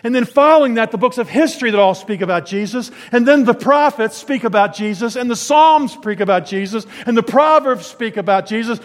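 A man delivers a sermon in a high voice. He moves between hushed, low-pitched asides and loud, emphatic declarations. The sound carries a long reverb, like a large church hall. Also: lively intonation, fairly quick, hardly any pauses. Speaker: preacher.

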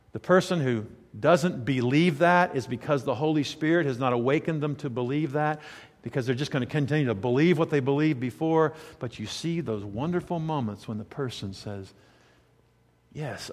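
A male pastor delivering a sermon, moving between soft, intimate storytelling and loud, fervent preaching. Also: medium pitch, normal speed, in a large hall.

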